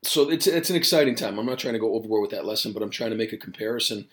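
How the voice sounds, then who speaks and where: A middle-aged man, a high school Spanish teacher, talking casually and reflectively to his students on a podcast, rambling with many fillers and restarts. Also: rapid-fire. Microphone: home podcast mic.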